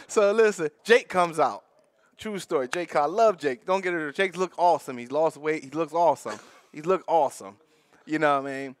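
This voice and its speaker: A man from North Philadelphia with a Philadelphia accent, co-hosting a podcast and telling stories in an animated way, laughing and full of slang. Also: on the high side, normal speed, no room sound. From North Philadelphia, USA. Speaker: podcast co-host. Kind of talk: casual storytelling chat.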